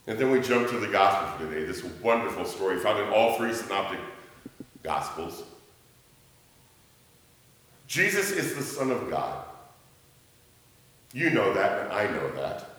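A man preaching a sermon as pastor, joking with his congregation and swinging between booming emphasis and quiet asides. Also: big pitch swings, a little slow, long pauses. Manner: jokey with the congregation. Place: church sanctuary. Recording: roomy church reverb.

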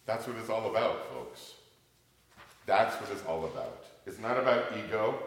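Older pastor guy preaching in a church, lively ups and downs, big echoey hall. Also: on the low side, moderate pace. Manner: animated storytelling, swings from loud to hushed. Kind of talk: sermon. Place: church sanctuary.

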